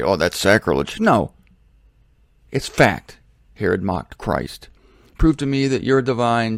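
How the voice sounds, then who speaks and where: A man gives a casual Bible teaching with animated storytelling and mocking asides. His voice is mid-pitched and the recording is dry and close. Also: no room sound. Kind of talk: casual sermon.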